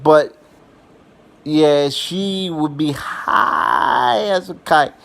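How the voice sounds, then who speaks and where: A man's voice: a little high, lively intonation, extremely slow, gravelly, fairly bright tone. A young adult man telling funny family stories in a casual, rambling way, swearing freely and filling gaps with "you know" and "um.". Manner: rambling and profane, with many fillers and restarts. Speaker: vlogger. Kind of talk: casual comedic storytelling.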